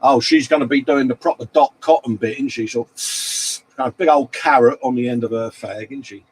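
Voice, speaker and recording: A man's voice: mid-range voice, normal speed, husky, poor audio. A middle-aged man, hosting a casual live stream and reading out viewer comments in matey banter. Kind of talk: casual chat.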